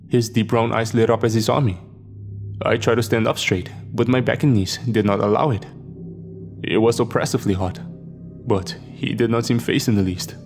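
Male horror narrator, gravelly and slightly low, dry sardonic read. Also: a little mellow. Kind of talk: scripted first-person horror narration.

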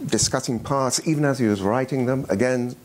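A man speaking as a panelist at a roundtable discussion, measured and hesitant, with frequent pauses and uhs. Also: medium pitch, a little hiss or hum.

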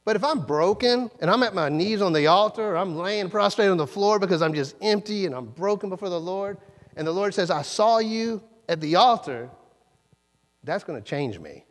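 A man preaching a sermon in a conversational way, acting out quoted lines with sudden jumps in pitch. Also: expressive, brisk. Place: church sanctuary. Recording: long church reverb.

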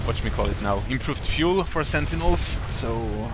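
A man's voice: medium pitch, expressive, unhurried, background noise. A man commentating a strategy game live, explaining in a rambling, playful way with many fillers and restarts. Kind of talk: casual live-stream commentary.

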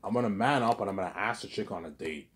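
A young man rambles on in a casual monologue, circling back to the same points and swearing freely. His voice sits a little low for a man. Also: fast. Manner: rambling, repetitive, swears often. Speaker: vlogger.

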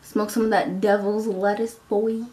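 A woman's voice: mid-range voice, level tone, measured pace, dark tone, slight background noise, close to an everyday voice. A woman voicing a giggly, drawling stoner woman in a comedic home video role-play.

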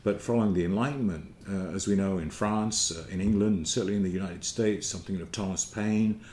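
A man's voice: low voice, a little fast, a little mellow. A man giving an informal theology lecture, thoughtful and searching for words. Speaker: speaker giving a talk on theology. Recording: roomy echo.

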